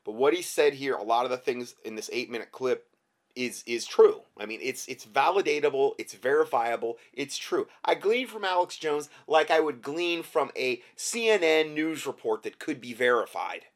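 A male talk-show host with an ordinary, mid-pitched voice addresses his listeners in loose, rambling commentary. He leans on emphasis and often restarts his sentences mid-thought. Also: animated, moderate pace. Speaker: podcast host.

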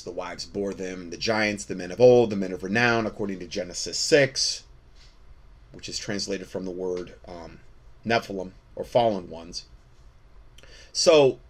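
A man hosting a show, giving casual, preaching-toned Christian commentary, often repeating words and restarting sentences. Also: fairly low pitch. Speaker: host.

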